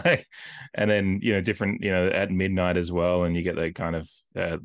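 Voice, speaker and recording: A man co-hosting a casual film podcast, rambling and animated, full of filler words as he retells scenes. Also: low-pitched, brisk, dry recording, clean studio sound. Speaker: podcast co-host.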